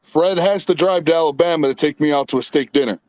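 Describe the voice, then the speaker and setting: High-voiced man hosting a casual podcast. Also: fast talker, a little mellow, no echo, muffled recording. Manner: storytelling, swears freely. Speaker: podcast host. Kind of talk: casual profane banter.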